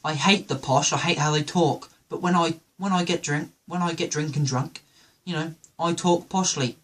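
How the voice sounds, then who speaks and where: A man's voice: fairly high pitch, moderate pace, fairly bright tone. A man hosting a show, telling a rambling, jokey comedic monologue. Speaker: host.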